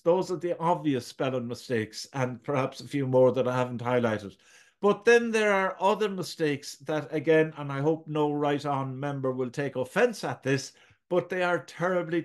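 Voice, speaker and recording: A man leads a writing lesson over a shared screen. His voice sits a little high, and he speaks gently, pausing and restarting his phrases. He is heard through a computer mic. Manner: hesitant, self-correcting, gentle. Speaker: writing tutor.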